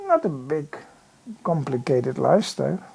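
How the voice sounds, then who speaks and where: A man's voice: mid-range voice, a little slow, vocal fry, noisy background. An older man giving a sermon in a temple hall, spinning a vivid anecdote. He talks loosely and conversationally, dotted with "you know", and acts out the bumps and noises he describes. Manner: lively anecdotal telling with many "you know" asides and acted-out sound effects. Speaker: visiting preacher. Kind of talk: storytelling sermon.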